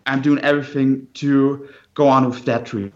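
A German man, a wedding photographer, talking in a halting and apologetic way in a casual podcast chat. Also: medium pitch, flat delivery. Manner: halting, apologetic, laughs often. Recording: slightly dull lo-fi audio.

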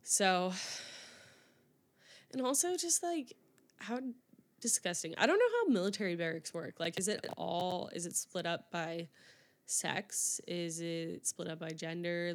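A young woman hosting a solo podcast, chatting casually and rambling with lots of fillers and restarts. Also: fairly low pitch. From United States. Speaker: podcast host.

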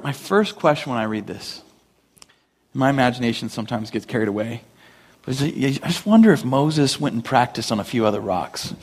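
A man delivers a sermon from the pulpit in a relaxed, conversational tone. His voice sits in a middle range. He brings the story to life by acting out the characters in animated voices. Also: mid-range voice. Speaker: pastor.

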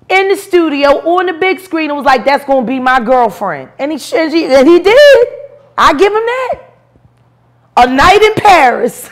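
A woman in her forties, an interview guest, telling stories in a brash, profane, animated way with bursts of laughter. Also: high-pitched. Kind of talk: storytelling interview.

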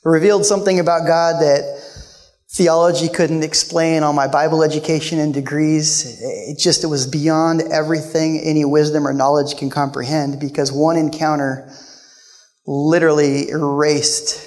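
A male guest speaker telling a personal story in a sermon, now loud, now hushed. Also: a little high, little pitch movement, normal speed, long reverb tail. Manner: storytelling, emotional, shifts between loud and hushed.

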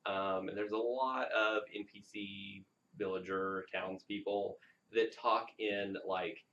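A low-voiced man chatting as a podcast co-host, joking and playfully sarcastic and quick to laugh. The recording sounds dull and lo-fi. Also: fairly even intonation, a bit bright. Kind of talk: casual review chat.

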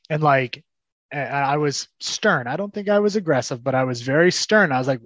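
A man's voice: medium pitch, brisk, no room sound, lo-fi sound. A young adult man, a podcast guest, telling a personal story and acting out the dialogue, with frequent restarts. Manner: animated, acts out quoted dialogue, frequent restarts.

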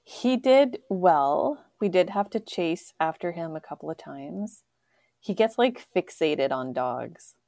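A woman co-hosting a casual podcast, chatty and relaxed, telling stories with lots of "like". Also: deep voice, unhurried, creaky, no room sound, studio quality. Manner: chatty storyteller, uses "like" often. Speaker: podcast co-host. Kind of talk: casual chat.

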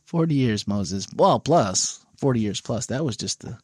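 Lively, jokey male church podcast host. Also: mid-range voice, a little slow, no room sound, studio quality. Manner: animated, jokey, laughs at his own jokes. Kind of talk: casual podcast chat.

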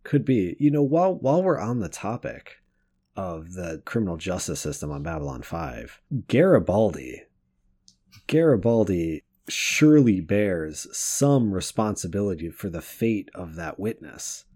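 Low-voiced joking male podcast host. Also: very animated, measured pace, mellow, breathy edge. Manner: joking, chatty, laughs often. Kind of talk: casual chat.

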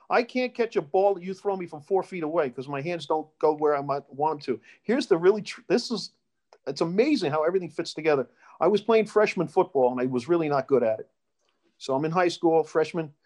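A man's voice: on the high side, a little mellow. A middle-aged man being interviewed, telling life stories in a rambling way with many restarts. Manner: rambling, with restarts and storytelling asides. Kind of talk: casual life-story interview.

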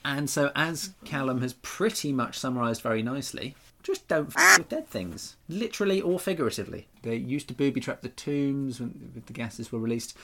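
A man's voice: medium pitch, a little fast, few pauses, slight background noise. A man co-hosting a chatty podcast, joking and riffing animatedly with his co-host. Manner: animated and jokey. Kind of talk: casual chat.

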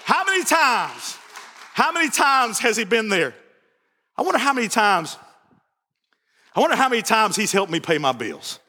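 A pastor delivers a sermon in a very high, bright, sharp voice, animated, joking, and often repeating himself. He speaks at a moderate pace with long pauses, and his words ring through a church sanctuary with long reverb.

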